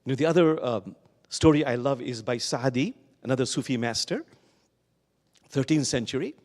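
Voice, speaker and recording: A guest speaker at a Sunday service preaches a story-filled sermon in a church sanctuary, his voice ringing with the long reverb of a large hall. His pitch swings widely and expressively, and he slows down to linger on the key words he wants to land.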